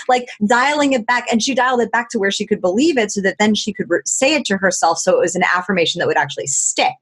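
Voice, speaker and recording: A woman coach in a casual interview, with a husky, slightly breathy voice. She talks in an animated way and acts out little quoted exchanges. Her pitch sits in the middle for a woman. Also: fast talker, few pauses. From Southern California. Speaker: coach and guest.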